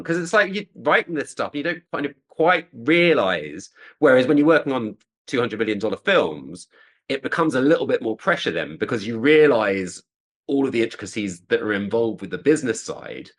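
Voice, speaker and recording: Animated man telling career stories. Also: medium pitch, a little fast. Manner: animated anecdotes with quoted voices and laughs. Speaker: composer guest. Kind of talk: conversational interview storytelling.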